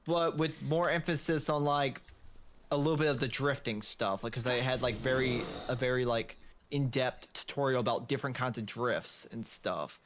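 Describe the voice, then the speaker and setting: A man's voice: fairly high pitch, fairly bright tone. A man chatting casually on a late-night gaming stream, rambling with restarts and crude jokes. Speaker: streamer co-host.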